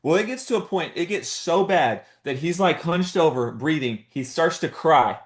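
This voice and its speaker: A man's voice: fairly high pitch, expressive, a little slow. Man giving a punchy motivational talk. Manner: urgent, rhetorical questions, punchy repeated phrases. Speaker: motivational speaker to a business team. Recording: roomy echo.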